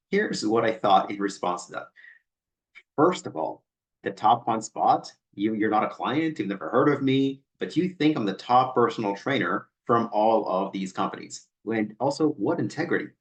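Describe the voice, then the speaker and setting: A man's voice: on the low side, animated, moderate pace. A man who is a personal trainer, reading emails aloud and picking them apart in a skeptical, pointed way, often restarting on repeated words. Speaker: personal trainer and channel host.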